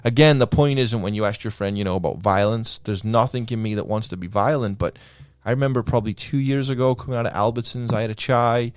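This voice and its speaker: A man's voice: medium pitch, fast talker, clear, resonant tone, dry recording. A man with a Liverpool accent, a podcast guest telling stories in casual conversation and acting out the lines of the people in them. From England. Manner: lively storyteller who acts out quoted lines. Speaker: guest, pro skater.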